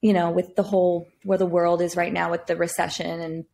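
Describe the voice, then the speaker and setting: A woman's voice: lowish voice, flat delivery, a little fast, creaky, a little mellow. A woman singing coach talking casually as a podcast guest, chatty and full of "like". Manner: chatty, peppers speech with "like".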